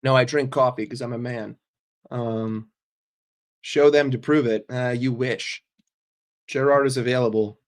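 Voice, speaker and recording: A football fan hosts a casual stream, answering his chat in a sarcastic, foul-mouthed rant. His voice sits at an ordinary middle pitch for a man, and he talks with blunt conviction. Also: fairly even intonation, unhurried, pauses often. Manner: profane, sarcastic, argumentative.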